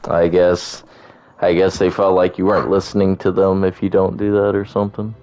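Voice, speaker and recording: A man chatting casually while playing a video game, calm and laid-back with gentle teasing. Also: deep voice, moderate pace, faint music behind. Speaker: gaming channel co-host. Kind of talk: casual let's-play chat.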